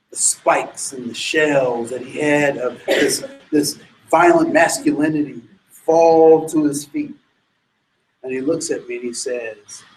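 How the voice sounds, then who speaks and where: A man telling a personal story to an audience in an animated way, stammering into restarts and breaking into sudden loud bursts. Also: high voice, rough recording.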